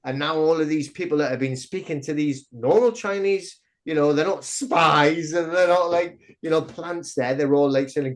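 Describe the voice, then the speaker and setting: A middle-aged man, a podcast guest telling stories in a rambling, excitable way full of restarts. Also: a little high, moderate pace, hardly any pauses. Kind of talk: casual interview chat.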